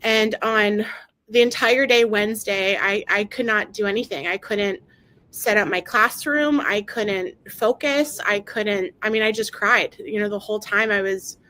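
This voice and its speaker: A woman telling an emotional personal story in an interview, talking haltingly with many fillers and restarts. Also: mid-range voice, sharp tone, low-quality recording. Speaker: guest sharing her story. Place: lives in Maryland.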